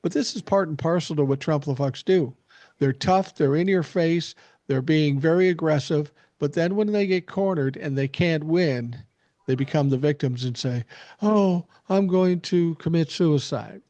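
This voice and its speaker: A man's voice: on the high side, normal speed, dark tone, no room sound, highs cut off. An older man hosting a podcast, laying out a story at length and giving strong opinions in casual chat. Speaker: podcast host.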